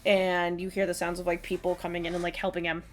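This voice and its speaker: A woman's voice: on the low side, completely flat delivery, fast. A woman game master narrating a tabletop game scene, talking casually with many fillers. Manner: descriptive, full of fillers like "like" and "um".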